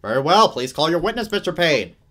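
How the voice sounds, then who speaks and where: Man voicing a booming pompous judge, lively rising pitch, declaiming. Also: a little fast. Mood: stern. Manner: loud, declaiming. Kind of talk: reading a game script aloud.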